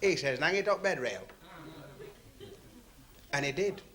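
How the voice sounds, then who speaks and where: A man's voice: fairly high pitch, animated, a little slow, a bit bright. A man doing club stand-up comedy, chatting and teasing the audience and laughing at his own jokes. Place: working men's club stage on TV. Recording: noisy 1970s TV recording, laughing club crowd.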